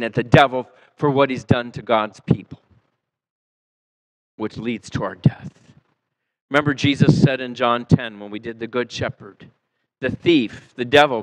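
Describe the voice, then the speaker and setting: A male pastor preaching a sermon in a church, acting out quotes and swinging between loud and soft. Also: medium pitch, rough recording. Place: church sanctuary.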